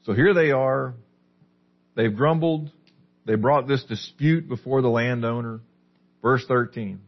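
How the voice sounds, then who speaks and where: A man's voice: medium pitch, measured pace. A man preaching a sermon, putting questions to the listeners and then answering them. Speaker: pastor. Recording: dull lo-fi recording.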